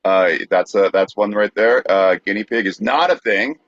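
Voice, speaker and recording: A man co-hosting a podcast, joking playfully in a deadpan way. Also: fairly low pitch, moderate pace, dry recording, highs cut off. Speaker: podcast co-host. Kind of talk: casual banter.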